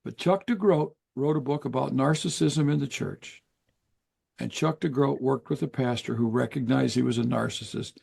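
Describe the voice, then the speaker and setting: An older man, a guest author in an interview, explaining in an earnest, measured way with pauses. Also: medium pitch, creaky, darkish tone, breathy edge. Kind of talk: interview conversation.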